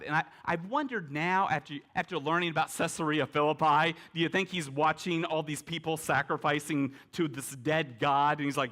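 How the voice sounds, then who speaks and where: A man's voice: on the high side, moderate pace, hardly any pauses, fairly bright tone. A middle-aged male pastor preaching a sermon in a conversational way, asking the congregation rhetorical questions and dropping light humorous asides. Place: church service with congregation.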